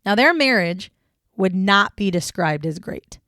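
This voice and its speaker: A woman's voice: medium pitch, lively intonation, unhurried, sharp tone, dry recording, clean studio sound. A young woman co-hosting a true crime podcast, talking casually and bluntly, swearing freely. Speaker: podcast co-host.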